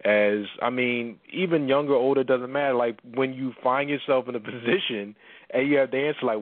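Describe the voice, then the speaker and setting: A man co-hosting a radio talk show, chatting loosely and jumping in with his own thoughts. His voice is mid-pitched. It comes through dry and narrow, like a telephone. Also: moderate pace, no echo. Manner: chatty, laughing easily, backchannelling. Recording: dry, phone-like radio sound.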